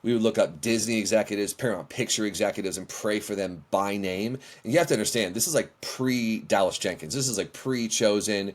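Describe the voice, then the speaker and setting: A man's voice: lowish voice, fairly quick, few pauses. A middle-aged man, telling stories as a guest in a podcast interview and acting out his own past lines. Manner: animated, acts out his own past dialogue. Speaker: worship leader, guest.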